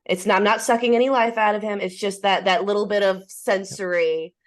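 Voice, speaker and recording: A woman playing a tabletop role-playing game, speaking her character's lines softly and earnestly, with some restarts. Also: medium pitch, fairly even intonation, fairly quick. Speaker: player.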